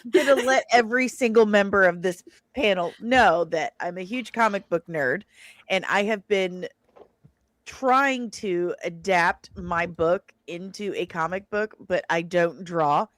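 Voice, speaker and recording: A woman's voice: lowish voice, measured pace, dry recording. Playful woman guest, dry close sound. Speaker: guest artist and writer. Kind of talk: casual chat.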